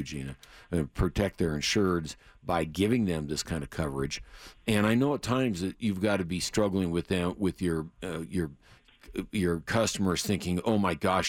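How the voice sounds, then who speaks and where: A man co-hosting a radio call-in show, explaining points in a halting way with many restarts. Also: deep voice, dry recording, studio quality.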